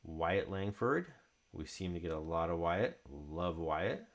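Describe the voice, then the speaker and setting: Male card-break host, deep voice, laid-back slow delivery, chatty. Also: slight background noise. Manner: relaxed, chatty, calling out card names as he opens packs. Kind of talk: casual live card-break commentary.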